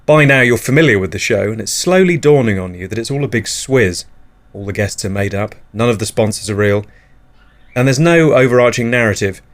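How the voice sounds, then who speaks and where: A man hosting an absurdist comedy podcast, delivering whimsical nonsense in a deadpan way. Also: medium pitch, a little fast. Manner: deadpan, whimsical, jumps into silly voices. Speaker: podcast host.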